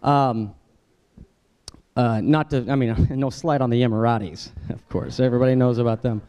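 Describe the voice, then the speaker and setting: At a dinner event hall, a man from the United States does a stand-up set for a live audience in a mellow, clean-toned voice with fairly even intonation and a moderate pace. His delivery is conversational, punctuated by exaggerated, high-pitched impressions of the people he quotes.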